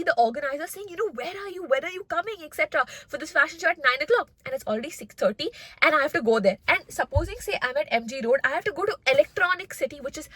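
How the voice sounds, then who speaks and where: Young woman, Indian English accent, high voice, quick, bright, dry close sound, animated storytime vlog. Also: no echo. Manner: animated, acts out voices of others in quotes. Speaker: vlogger.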